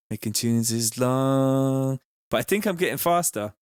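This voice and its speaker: A man's voice: medium pitch, expressive, unhurried, clear, resonant tone, dry recording, studio quality. A man casually chatting while producing a track, laid back and reading out viewer comments. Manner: laid-back, chatty, reads chat aloud. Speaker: music producer streaming. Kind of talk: casual live-stream chat while producing. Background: faint music.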